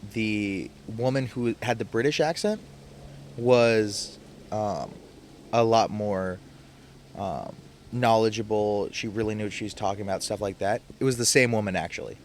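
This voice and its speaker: Guy w a lowish voice, casual podcast chat, faint hiss behind him, acts out quotes as he goes. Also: a little slow. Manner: animated retelling with acted-out quotes. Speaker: podcast co-host.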